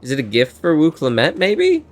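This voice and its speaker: A man's voice: mid-range voice, animated, moderate pace, a bit bright. Man joking through gameplay commentary. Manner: joking, offhand. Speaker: game streamer.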